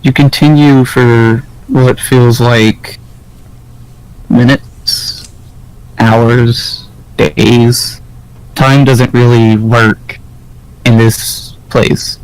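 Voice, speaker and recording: A man running a tabletop game as game master, narrating in a halting way with many fillers. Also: mid-range voice, flat delivery, clear, resonant tone, dry recording, poor audio. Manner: hesitant, filler-heavy improvised narration.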